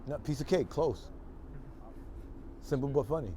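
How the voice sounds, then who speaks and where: An older man chatting loudly and rambling through jokes and stories outdoors on a city street. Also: mid-range voice, measured pace. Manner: loud, joking, rambling storyteller. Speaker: local street personality. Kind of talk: casual chat while walking the street. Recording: outdoor street noise, traffic.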